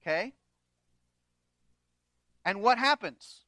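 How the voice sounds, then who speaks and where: A man preaching a sermon in a conversational, animated way, with humorous asides. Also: sits high, slow pace, pauses often, dry recording. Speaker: pastor.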